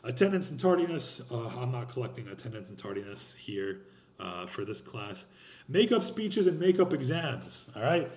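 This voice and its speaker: A man's voice: medium pitch, reverberant. A young man teaching a college class, explaining course policies in a casual, rambling and blunt way, with slang and restarts. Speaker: college instructor. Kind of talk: recorded online class lecture.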